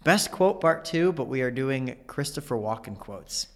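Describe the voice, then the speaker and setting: A man co-hosts a casual movie chat, animated and quick to laugh, with loose swearing. His voice sits in a room with a long reverberant tail. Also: medium pitch. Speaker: podcast co-host.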